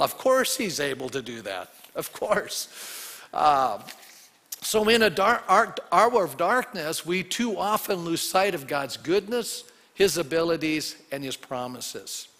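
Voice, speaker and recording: Male pastor preaching, high bright voice, chatty and lively, long church reverb. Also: a little slow. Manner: animated, conversational, asks the congregation questions. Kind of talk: sermon.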